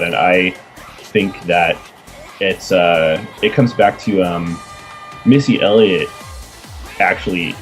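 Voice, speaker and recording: Low-pitched guy, rambling podcast guest, faint music behind. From Portland, US. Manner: chatty, rambling storyteller with many fillers. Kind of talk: casual podcast chat.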